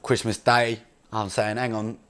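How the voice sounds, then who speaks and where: A man's voice: lowish voice, little pitch movement, measured pace, a bit bright, clean tone. A man playing a brash, crude young male chav from Essex, rambling boastfully in an improvised comedy monologue with an Essex accent. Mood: mocking. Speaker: comedy character.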